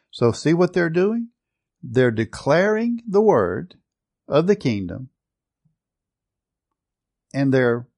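A man preaching a sermon, emphatic, stretching out key words and often changing his loudness. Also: mid-range voice.

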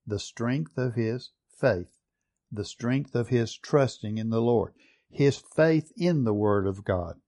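A man preaching a sermon, reading scripture aloud and putting questions to his listeners, slowing down low for emphasis and then picking up speed. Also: warm tone. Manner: asks the congregation questions and reads scripture aloud.

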